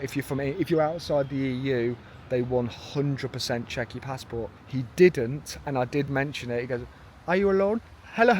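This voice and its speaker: A British man chats his way through a travel vlog outdoors, rambling from point to point and poking fun at himself. His voice sits at an ordinary middle pitch, with a faint hum of noise behind him. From United Kingdom. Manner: rambling, chatty, self-mocking. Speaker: travel vlogger. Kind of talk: casual travel vlog chat. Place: outdoors in a park.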